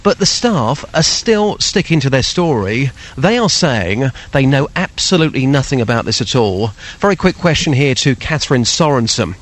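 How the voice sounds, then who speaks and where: A man's voice: mid-range voice, very animated, moderate pace, few pauses. A man giving a live radio report from outside a gallery, in a jolly, good-humoured way. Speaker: arts correspondent.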